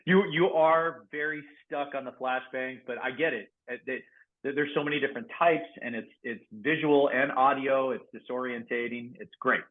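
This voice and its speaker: Animated man on a phone-like line. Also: medium pitch, moderate pace. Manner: animated storyteller, laughs often, acts out quotes loudly. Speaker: guest, former SWAT negotiator and security professional. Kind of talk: casual podcast storytelling. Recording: phone-like narrow band audio.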